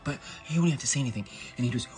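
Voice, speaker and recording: A young man rambling through a comic monologue to camera, fast and playful, recorded alone at home at night on a tripod camera. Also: medium pitch, darkish tone. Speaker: comedic vlogger.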